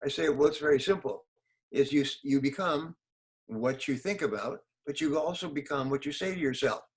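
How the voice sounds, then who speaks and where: A man's voice: fairly high pitch, moderate pace, rough recording. An older man, a motivational speaker, answering interview questions in an emphatic way, repeating key phrases and acting out quotes.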